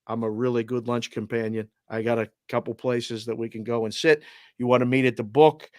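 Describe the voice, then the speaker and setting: A man's voice: medium pitch, fairly even intonation, fairly quick, a little mellow, no room sound, clean studio sound. A man co-hosting a sports betting podcast, talking earnestly and reading listener messages aloud in casual chat.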